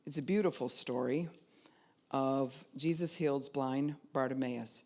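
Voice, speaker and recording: A woman pastor delivers a sermon in a low, deep-set voice. She preaches with animated, shifting delivery, swinging from quiet asides to loud ringing cries as she retells the story. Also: unhurried.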